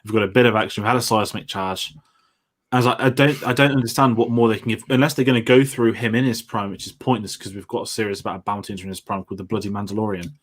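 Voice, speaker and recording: A man's voice: lowish voice, steady tone, quick pace. A man co-hosting a film discussion show, talking in a chatty, rambling way with lots of fillers. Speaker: podcast co-host.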